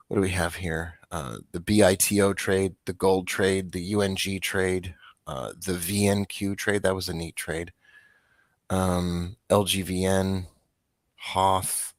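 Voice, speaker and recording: A man hosting a casual stock market show, rambling and restarting as he talks through trades, with a dry, flat tone. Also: low-pitched, no echo. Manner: rambling, self-interrupting, offhand.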